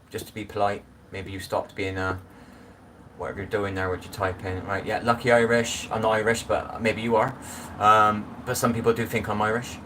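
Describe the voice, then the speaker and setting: A man's voice: fairly low pitch, fairly bright tone. A middle-aged man chatting casually on a live stream, rambling and greeting viewers by name. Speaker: livestream host. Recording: distant phone mic with noise.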